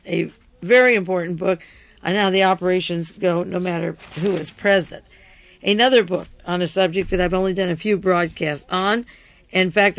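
Tired-voiced commentator, rambling taped radio monologue, mid-range pitch, dry sound. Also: no room sound. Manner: rambling, digressive, self-correcting.

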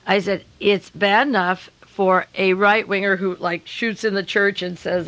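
An older woman hosting a radio talk show during a fundraiser, talking in long, rambling, emphatic runs and slowing down to hammer her points home. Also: medium pitch, steady tone, a bit bright, low-quality recording. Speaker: radio host.

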